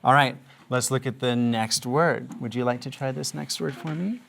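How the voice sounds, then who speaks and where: A woman teaching a kindergarten reading lesson, patiently asking questions and drawing out phonics patterns slowly. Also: rumbling low, gravelly. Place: classroom with small children.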